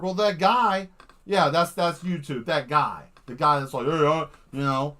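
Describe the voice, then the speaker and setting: A man hosting a live art stream, rambling and joking with lots of swearing while he paints. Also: on the high side. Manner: profane, animated, jokey, acts out quick voices.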